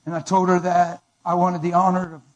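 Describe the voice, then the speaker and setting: A man's voice: high voice, completely flat delivery, brisk, a little mellow, muffled recording. A man preaching, giving a dramatic, emphatic testimony. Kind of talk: sermon testimony.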